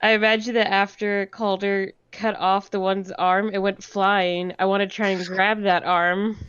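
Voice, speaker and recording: A woman player talks slowly and easily, chuckling at her own jokes. Her mid-range voice comes through a dull, lo-fi microphone. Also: mid-range voice, level tone, fairly bright tone, smooth. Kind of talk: casual tabletop play.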